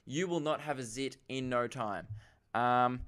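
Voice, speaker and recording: A man's voice: mid-range voice, a bit bright, clear, resonant tone. An Australian man in his twenties hosting a comedy podcast, answering listener questions in a rambling, self-mocking way. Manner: rambling, self-mocking, quick asides and laughs.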